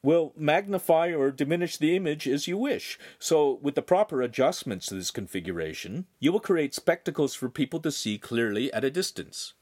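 A man's voice: a little high, expressive, moderate pace, few pauses, darkish tone, voice pushed up. Man doing an earnest, clever teen boy. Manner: earnest, sincere.

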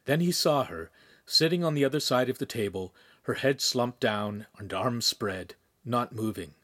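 A man reading a young adult novel aloud as narrator, steady and measured. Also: medium pitch. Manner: steady storytelling, voices characters. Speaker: audiobook narrator. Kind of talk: scripted narration.

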